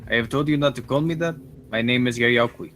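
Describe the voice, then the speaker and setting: A man's voice: medium pitch, a little fast, a bit bright, a little hiss or hum. A man playing a tabletop game, speaking hesitantly with many fillers. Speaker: player.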